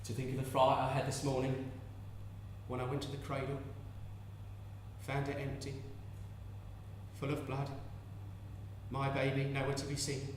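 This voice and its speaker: A man's voice: medium pitch, a little hiss or hum, close to an everyday voice. A man performing a distraught young peasant mother clinging to her baby, in a tender, cooing and fervent stage monologue. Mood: confiding. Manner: tender, cooing and fervent, bursting into shouted curses. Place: large theatre hall. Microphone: distant stage mic. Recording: echoey hall from far off.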